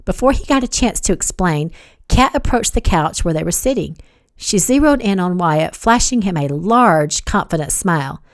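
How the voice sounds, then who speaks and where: A woman reading her novel aloud as audiobook narration, evenly and measured. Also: on the low side, expressive, no echo, clean studio sound.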